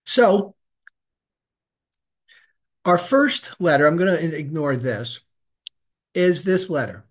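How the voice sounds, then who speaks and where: A man's voice: fairly high pitch, big pitch swings, takes it slowly. Patient man teaching Hebrew letters. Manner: patient, repeats sounds for students. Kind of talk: live class instruction.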